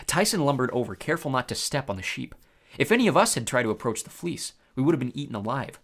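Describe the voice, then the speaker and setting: A man's voice: medium pitch, sing-song, fast talker, a bit bright. A man reading a story aloud, narrating expressively in the first person.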